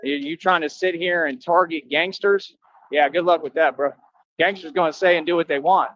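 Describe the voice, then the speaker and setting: A man's voice: a little high, fairly even intonation, moderate pace. Boastful man ranting on a dull stream. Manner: boastful, confrontational, slangy street talk. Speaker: livestreamer. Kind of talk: rambling monologue to viewers.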